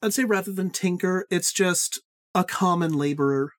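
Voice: mid-range voice, no room sound, clean studio sound. A podcast host running a casual book club pop quiz, teasing and swearing, speeding through explanations. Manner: teasing, profane, quick bursts of explanation.

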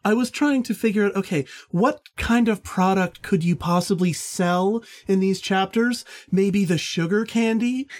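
A woman's voice: mid-range voice, measured pace, hardly any pauses. Teasing woman podcast co-host. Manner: teasing, hesitant with fillers. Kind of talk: casual chat.

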